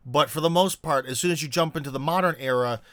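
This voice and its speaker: A man's voice: a little high, quick pace, fairly bright tone, no room sound. Rambling man hosting a casual live stream. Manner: rambling, filler-heavy, joking asides. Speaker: host.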